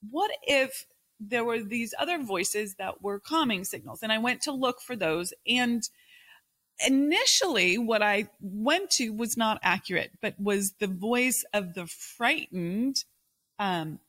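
A woman hosting a solo podcast, talking casually and thinking aloud, often checking in with a quick "right?". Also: medium pitch, fairly bright tone, no echo. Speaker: podcast host.

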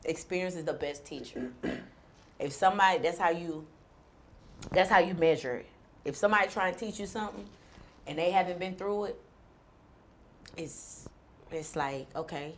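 A woman's voice: fairly low pitch, moderate pace, long pauses, a little hiss or hum. A woman guest talking candidly in an interview, rambling and full of "like". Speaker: entrepreneur guest.

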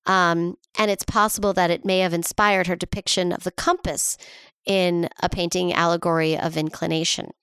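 A woman's voice: on the low side, flat delivery, normal speed, fairly bright tone, clean tone, no echo, clean studio sound. A woman co-hosting a podcast, casually retelling a history story with sarcastic asides. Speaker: podcast co-host.

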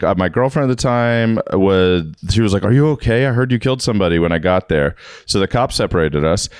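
A man with a low, smooth voice tells a story in easy podcast chat. He slips into the voices of the people he quotes. The sound is close and dry. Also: no room sound. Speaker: podcast guest.

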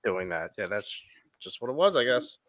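A man co-hosting a podcast in casual chat, animated and quick to interject. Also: on the low side, dry recording. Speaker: podcast co-host.

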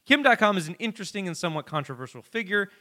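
Bright-voiced rambling podcast man. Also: sits high, lively intonation, very fast. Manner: rambling, filler-heavy storytelling. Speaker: podcast co-host. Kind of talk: casual comedic podcast chat.

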